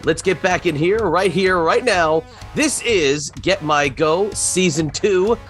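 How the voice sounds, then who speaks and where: A man's voice: high voice, slow, a bit bright, soft background music. A man hosting a comedy podcast, introducing his co-hosts in a hyped, announcer-like way. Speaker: podcast host.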